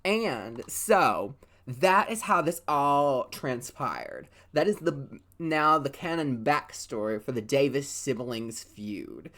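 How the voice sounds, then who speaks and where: Rumbling low yet very animated and a bit bright, this woman speaks slowly while hosting a let's play. She rambles chattily through her gameplay commentary, swearing often and stuffing her stories with fillers like "like" and "you know."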